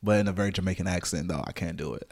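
A man's voice: fairly low pitch, a little hiss or hum. A man co-hosting a podcast, talking in a laid-back, affirming way. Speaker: podcast co-host. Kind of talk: casual conversation.

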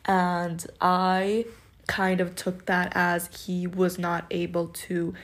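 A woman's voice: lowish voice, monotone, takes it slowly. A woman in her twenties casually telling a dating story, chatty and full of fillers and laughs. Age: 20s.

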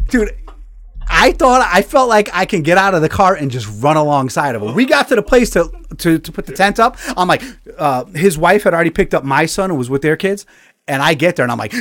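Animated, profane New storyteller man. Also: fairly high pitch, fairly quick. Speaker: podcast host. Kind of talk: casual storytelling chat.

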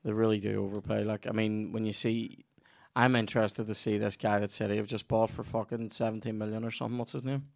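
Gravelly Northern Irish podcast host. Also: male voice, lowish voice, flat delivery, quick pace. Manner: rambling, sweary, many restarts. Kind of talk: casual chat.

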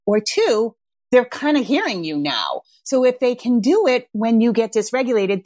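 A woman's voice: on the high side, darkish tone, no room sound. Blunt, emphatic woman coach, dry sound. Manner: frank and emphatic, swears freely; acts out parents' voices when quoting them. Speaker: parenting coach and podcast host. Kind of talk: casual podcast monologue.

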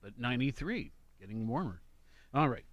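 A man's voice: mid-range voice, very animated, moderate pace, no echo, highs cut off. A man hosting a casual radio show, reading weather and history notes with chatty asides. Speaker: radio host.

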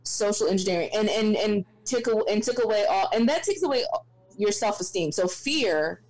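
A woman's voice: medium pitch, animated, normal speed, a little mellow, rough recording. A woman guest on a casual talk show, emphatic and self-assured with frequent restarts.

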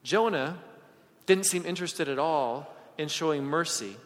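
A man preaching a sermon and telling personal stories, swinging from loud emphasis to hushed asides. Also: on the high side, unhurried. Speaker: pastor. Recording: long hall reverb.

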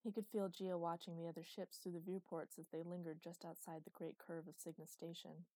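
A woman narrates a science fiction audiobook in an even, measured voice that sits low and mellow. The recording is close and completely dry, with no room around her. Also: no room sound, poor audio. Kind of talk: scripted narration.

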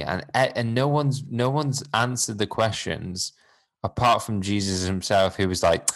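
A man's voice: fairly low pitch, steady tone, measured pace, fairly bright tone. A man co-hosting a faith podcast, talking in a reflective, preachy way with many restarts. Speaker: podcast co-host.

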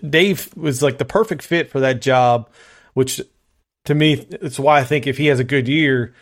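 A man's voice: medium pitch, normal speed. A man co-hosting a casual sports podcast, giving firm opinions in a conversational way. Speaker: podcast co-host.

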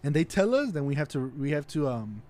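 A man's voice: on the high side, sing-song, brisk, a little mellow. A young man, chatting casually and telling a rambling, profane story with acted-out quotes. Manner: rambling storyteller, swears a lot, acts out quotes. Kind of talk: casual chat.

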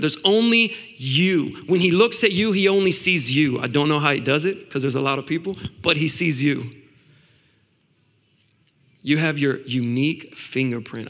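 A man preaching a sermon in an excitable way, stumbling and repeating words, swinging between loud bursts and hushed asides. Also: on the high side, long reverb tail.

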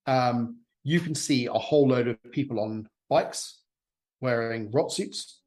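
A man's voice: mid-range voice, measured pace, darkish tone. A man narrating a tabletop game as game master, casual and meandering with many fillers.

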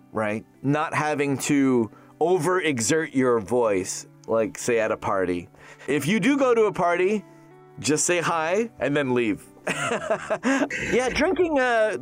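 A man in his thirties who works as a voice actor, chatting casually in an interview, animated and jokey, laughing often. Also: on the high side.

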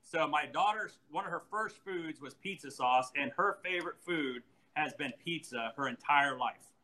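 A man in his forties talks in a bright, forward voice. He tells stories with animation, laughs often and restarts his sentences mid-thought. The feel is a relaxed, casual chat. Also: on the high side, normal speed, low-quality recording. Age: 40s.

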